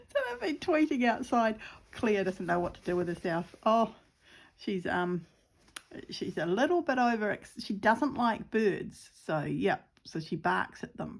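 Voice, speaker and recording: A middle-aged woman chatting casually in a vlog, rambling and animated, acting out her pets and the birds. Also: on the low side, unhurried, vocal fry. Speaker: crafting vlogger.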